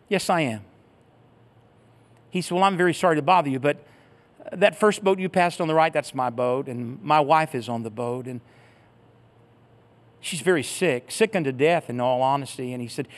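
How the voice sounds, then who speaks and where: A middle-aged man pastor telling a story in a sermon, acting out the voices he quotes, then leading a prayer. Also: mid-range voice.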